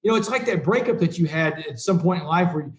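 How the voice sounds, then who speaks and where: A man's voice: on the high side, expressive, quick pace. A middle-aged man telling his recovery story to a group, earnest and plain-spoken, acting out the conversations he recalls. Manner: earnest storytelling, acts out quoted dialogue. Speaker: recovery speaker. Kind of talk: personal recovery talk to a group.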